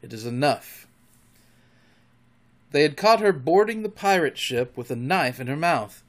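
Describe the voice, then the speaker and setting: A man reading a storybook aloud in an expressive, dramatic way. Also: on the high side, unhurried. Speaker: narrator.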